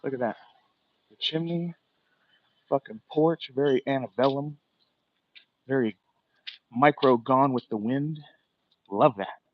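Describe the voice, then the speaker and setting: A man's voice: mid-range voice, takes it slowly, pauses often, dry recording, muffled recording. A man hosting a casual walking livestream outdoors on a residential street, rambling and swearing as he chats. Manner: rambling, profane, chatty. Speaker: livestream host.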